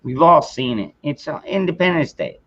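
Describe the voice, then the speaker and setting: Laid-back cussing stream host, muffled. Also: male voice, on the high side, big pitch swings, moderate pace, a bit bright. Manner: laid-back, profane, self-mocking. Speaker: livestream host. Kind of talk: casual livestream chat.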